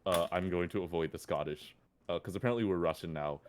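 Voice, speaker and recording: Deep-voiced man, rambling and laughing. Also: fast, clean tone. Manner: rambling, self-deprecating, laughs a lot. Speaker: player. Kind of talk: playing a tabletop game.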